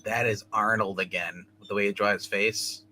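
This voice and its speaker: A man giving his opinion on a casual panel, halting and repeating words as he thinks. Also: lowish voice, fairly even intonation, pushed and bright. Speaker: panel guest.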